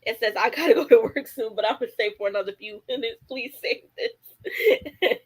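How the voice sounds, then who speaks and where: A woman's voice: on the high side, normal speed, slightly rough, poor audio. A woman hosting a casual livestream, chatting with lots of fillers and reading viewer comments aloud. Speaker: livestream host.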